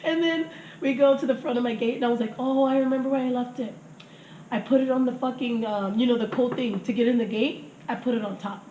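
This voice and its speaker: Fairly high-pitched and fast-talking, this woman in her thirties is a podcast guest trading crude stories in casual chat. She laughs frequently and dramatizes people's words with acted quotes, in an echoey room with faint noise.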